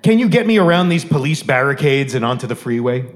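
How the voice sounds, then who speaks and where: A man's voice: mid-range voice, big pitch swings, fast talker, close to an everyday voice. A man playing an anxious, self-deprecating male professor who argues with his GPS in a comic stage dialogue. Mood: flustered. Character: flustered male professor driving.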